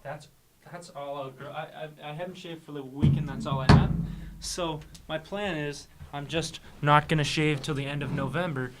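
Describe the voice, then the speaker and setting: A man's voice: fairly high pitch, steady tone, moderate pace, very noisy. A young man co-hosting a podcast, chatting casually with strong opinions, swearing freely and often repeating words as he talks. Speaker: podcast co-host. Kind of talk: casual chat.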